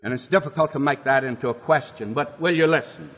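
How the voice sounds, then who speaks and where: A man's voice: mid-range voice, fast talker. A man preaching a sermon, acting out the quoted lines with drama and putting rhetorical questions to his listeners. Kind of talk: expository sermon. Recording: dull lo-fi hall recording.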